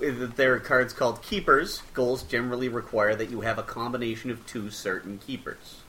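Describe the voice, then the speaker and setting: A man co-hosting a casual chat about board games, explaining rules quickly and laughing often. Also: medium pitch, bright, forceful tone, low-quality recording. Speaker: podcast co-host.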